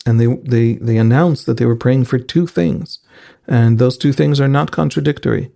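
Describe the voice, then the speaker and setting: A man's voice: mid-range voice, moderate pace, gravelly, warm tone. A man, a senior analyst explaining politics on a podcast in a thoughtful way, often restarting his sentences.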